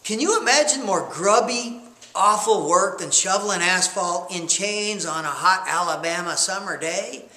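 Male course coach, motivational lecture, high bright voice, roomy echo. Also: unhurried. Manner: animated storyteller who acts out scenes.

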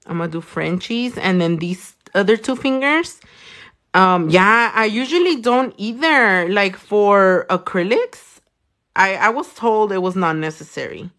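A woman's voice: mid-range voice, lively intonation, measured pace, fairly bright tone. A young adult woman from California, chatting casually and swearing freely while she does nails on a livestream and reads out viewer comments. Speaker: nail artist livestreaming a tutorial.

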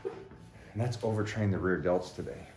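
A man coaching a workout in a gym, energetic and joking as he explains the exercises. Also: deep voice, moderate pace, soft background music. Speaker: fitness coach. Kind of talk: casual workout vlog coaching. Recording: roomy echoey gym.

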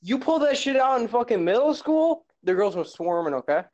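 A young man telling a story in a casual group chat with friends, animated and theatrical, swearing as he goes. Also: very high-pitched, fairly quick, lo-fi sound.

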